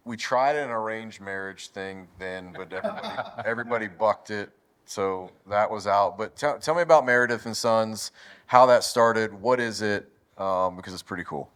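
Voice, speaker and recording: A man hosting a casual interview, relaxed and quick to laugh. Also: lowish voice, clear, resonant tone. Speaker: host.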